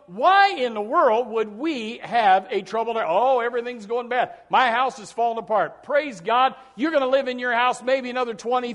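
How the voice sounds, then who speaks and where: A middle-aged male pastor preaching a sermon with emphatic swings in loudness, often repeating and restarting his words. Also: very high voice.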